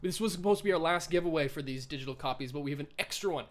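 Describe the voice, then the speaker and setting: A man with a slightly high voice talks very fast while hosting a tabletop game livestream over a video call. As game master and host, he makes announcements in a chatty way, full of fillers.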